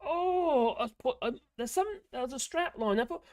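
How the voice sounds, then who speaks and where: A man's voice: extremely high pitch, animated, normal speed, a little mellow, dry recording, clean studio sound. Rambling man ranting on a stream. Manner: rambling, blunt and ranting, with swearing and chuckles. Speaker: host of a live politics stream. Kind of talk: casual live-stream commentary.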